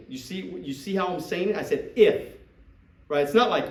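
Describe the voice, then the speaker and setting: In this business training session, the speaker repeats phrases for emphasis and plays out sales dialogues to motivate his audience. His voice is a little high, with lively intonation at normal speed; the mic is distant in an echoey room.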